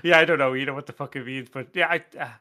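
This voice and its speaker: A man's voice: medium pitch, fairly even intonation, racing, pushed and bright. A young Irish man hosting a casual podcast, rambling, self-deprecating, laughing and swearing as he chats. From Ireland. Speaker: podcast host.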